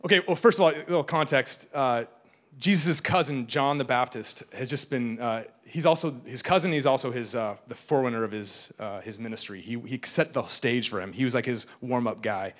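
A man's voice: medium pitch, a little fast, a bit bright. A young adult man preaching a casual, joking sermon, often repeating and restarting his words. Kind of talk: conversational sermon.

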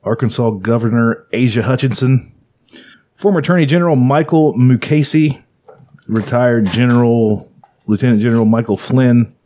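A man's voice: medium pitch, moderate pace, dark tone. A man co-hosting a casual comedy podcast, reading out a list of names with sarcastic jokes in between. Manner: reads out a list with sarcastic asides.

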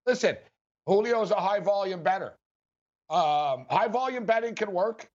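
A man's voice: high voice, expressive, measured pace, dull audio. A man hosting a sports betting radio show, rambling casually with frequent chuckles.

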